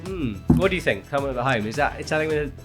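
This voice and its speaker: A co-host with a head cold jokes and teases through casual studio chat. The delivery is quick and swings up and down a lot. Soft music sits faintly underneath. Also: mid-range voice, expressive. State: stuffy with a cold. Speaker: co-host of a climbing news show.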